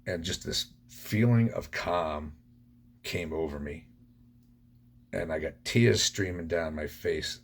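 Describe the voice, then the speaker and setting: A man's voice: deep voice, slow pace, vocal fry, slightly rough. A man hosting a podcast, telling his own recovery story in a blunt, profane way. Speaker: podcast host.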